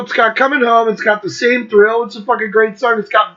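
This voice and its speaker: A man in his fifties hosting a casual monologue, swearing constantly, excitable and breaking into bits of song. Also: very high voice, a little fast, few pauses, lo-fi sound. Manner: profane, excitable, breaks into singing. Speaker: host. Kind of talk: casual monologue ranking albums.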